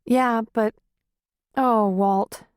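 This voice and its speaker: A woman's voice: a little high, fairly even intonation, extremely slow, clear, resonant tone, no room sound, voice pushed up. Audiobook figure: worn-out young woman, weak and tearful, dry close sound, as a woman narrator voices her. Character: young woman, weary nurse.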